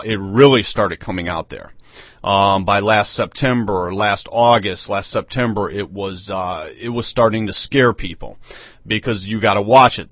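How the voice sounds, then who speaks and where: A man from the United States with a lowish voice hosts an online radio show, giving a rambling, emphatic monologue that repeats itself. The audio is dull, lo-fi and dry, with no echo.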